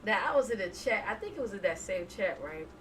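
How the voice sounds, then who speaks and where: A woman's voice: mid-range voice, lively intonation, a little fast, fairly bright tone, far from the mic, slight background noise, rough recording. A woman hosting a casual live stream, chatting and laughing as she reads viewer emotes aloud. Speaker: reaction streamer.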